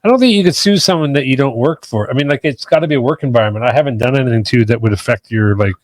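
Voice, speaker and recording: A man co-hosting a podcast in casual banter, teasing with deadpan jokes. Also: medium pitch, racing, no echo. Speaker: podcast co-host.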